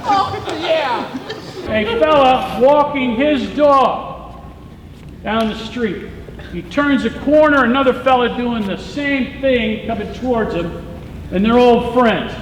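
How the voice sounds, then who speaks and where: A man telling a long stand-up joke on stage in an animated storytelling manner. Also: extremely high pitch, takes it slowly, long pauses, a faint crowd. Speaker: stand-up comedian. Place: theater stage. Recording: echoey hall with faint noise.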